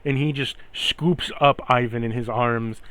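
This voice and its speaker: A man's voice: mid-range voice, fairly even intonation, unhurried, fairly bright tone, clean tone. Man narrating as game master.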